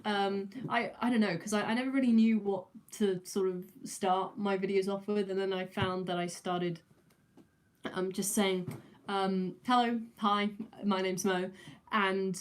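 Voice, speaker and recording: A woman's voice: medium pitch, little pitch movement, measured pace, a little hiss or hum. A nineteen-year-old woman, chatting casually on a livestream, with many fillers, restarts and a slight stutter. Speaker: streamer answering chat.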